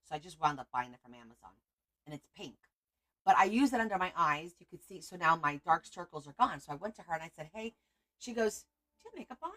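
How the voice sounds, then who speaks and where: A woman's voice: lowish voice, expressive, a little fast, a bit bright. A middle-aged woman hosting a casual livestream, chatting in a rambling way and greeting viewers by name. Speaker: livestream host.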